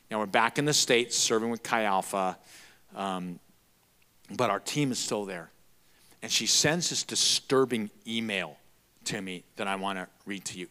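A man preaching a sermon, telling a story in an animated, emphatic way. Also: mid-range voice.

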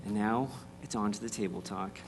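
A man reading a storybook aloud in a measured, expressive way, then speaking to his listeners as the host. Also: fairly low pitch, a little hiss or hum.

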